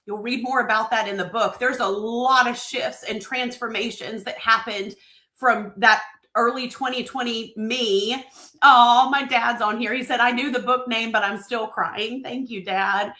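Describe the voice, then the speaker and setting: A woman hosts a live stream, chatty and excited as she reads viewers' comments aloud. Her voice is bright and pitched a little high, and it rings in an echoey room. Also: a little slow. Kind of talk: emotional live-stream book reveal.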